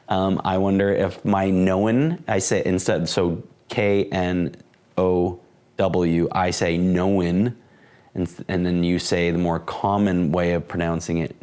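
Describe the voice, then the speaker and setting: A man's voice: sits low, clear, resonant tone. A man in his forties co-hosting a casual podcast from home, rambling and correcting himself as he talks. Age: 40s. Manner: rambling, self-correcting, excitable. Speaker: podcast co-host. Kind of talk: casual chat. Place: at home, indoors. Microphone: camera microphone.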